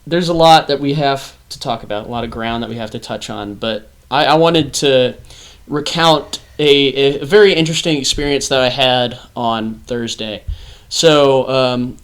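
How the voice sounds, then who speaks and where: A young man from the American South hosting a podcast, telling a story in a casual, animated way. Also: medium pitch. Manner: animated storyteller, acts out voices. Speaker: podcast host. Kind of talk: casual chat.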